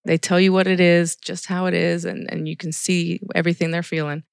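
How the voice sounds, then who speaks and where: A woman's voice: on the low side, fairly even intonation, brisk, creaky, clean tone, no room sound, studio quality. A middle-aged woman, a ministry volunteer, telling stories earnestly in a casual podcast interview. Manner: earnest storytelling with quoted dialogue.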